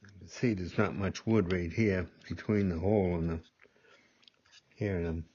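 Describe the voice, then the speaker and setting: An older man demonstrating gunsmithing in a workshop, talking slowly and rambling, repeating himself as he works. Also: low-pitched, fairly even intonation, a little mellow, slight background noise. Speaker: gunsmithing instructor. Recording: dull lo-fi audio.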